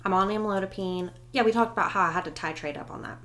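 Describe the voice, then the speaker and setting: A woman's voice: mid-range voice, fast, fairly bright tone. Chatty woman co-hosting a podcast. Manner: chatty, quotes her own thoughts, laughs easily. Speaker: podcast co-host. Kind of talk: casual chat.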